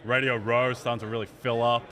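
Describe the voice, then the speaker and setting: A man's voice: mid-range voice, little pitch movement, brisk, pushed and bright. A man co-hosting a live sports talk show with a dry, understated sense of humor. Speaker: co-host.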